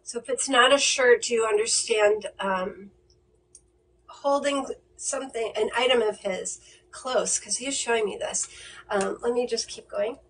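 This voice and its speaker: A woman medium gives a reading on a video call, her voice pitched a little high and coming from a bit away from the mic. She talks gently and reassuringly, but hesitantly, with frequent ums and self-corrections. A faint hiss of noise sits under the livestream audio. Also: unhurried, far from the mic, rough recording. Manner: hesitant, many fillers and restarts.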